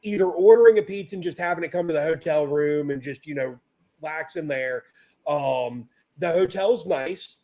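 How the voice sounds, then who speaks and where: A man's voice: a little high, normal speed, a little mellow. Laid-back, dry podcast co-host man. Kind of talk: casual podcast chat.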